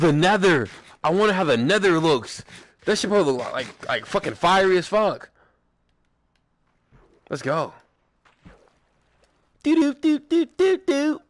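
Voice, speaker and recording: Young dude gaming w his buddies, cussing and joking, kinda high voice, dry close mic. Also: very animated, normal speed, dry recording. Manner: joking, profane, hums little tunes while playing. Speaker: gaming streamer. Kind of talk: casual gameplay chat with friends.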